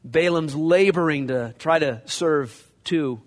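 Taking it slowly in a fairly high voice, a male pastor works conversationally through scripture verse by verse in an expository sermon, acting out the passages in character. The sound echoes with a large hall's long reverb.

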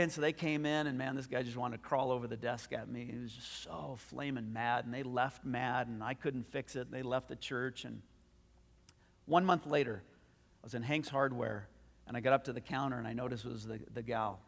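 A man pastor preaching a sermon, telling a story with animated delivery and frequent restarts. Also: mid-range voice, a little fast, vocal fry, big-room sound.

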